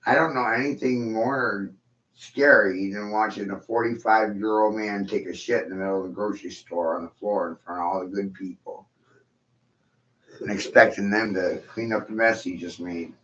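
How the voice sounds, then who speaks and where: A man's voice: lowish voice, steady tone, normal speed, fairly bright tone. A man in his forties delivering a crude, profane, rambling monologue in a mocking tone. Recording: echoey room, dull lo-fi sound.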